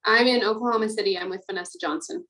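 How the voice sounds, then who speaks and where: A woman's voice: mid-range voice, fast, crowd noise, poor audio. A young woman, a real estate agent, earnestly answering a coach's questions on a group call.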